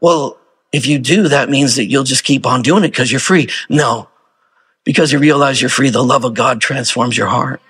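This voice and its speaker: A man's voice: mid-range voice, normal speed, fairly bright tone, breathy edge. A male pastor delivering a sermon in a casual, conversational way, firing off rhetorical questions to the congregation.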